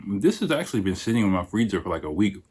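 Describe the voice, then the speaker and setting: A man's voice: low-pitched, very animated, very fast, darkish tone, slightly rough. A man hosting a casual podcast, chatting in a rambling, profane way while tasting food. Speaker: podcast host.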